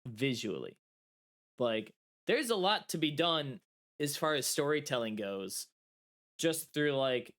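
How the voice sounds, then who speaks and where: A man talks casually as a podcast co-host, cracking jokes and digging in his heels. His voice sits at an ordinary middle pitch. He comes through a remote call mic. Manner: joking, playfully stubborn. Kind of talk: casual chat.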